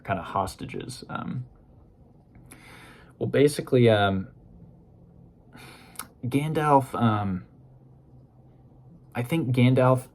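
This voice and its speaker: A man with a deep, low-pitched voice rambles his way through a book recap. He talks loosely and casually, padding his thoughts with "you know" and "kind of" as he goes. It sounds like an easygoing solo book discussion. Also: gravelly. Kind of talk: casual spoken book review.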